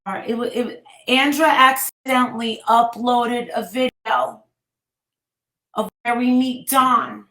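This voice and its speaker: Woman, high voice, emotional rambling livestream storyteller, echoey room. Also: fairly even intonation, pushed and bright. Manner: emotional, rushed, breaks off to scold her chat. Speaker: vlogger retelling a story.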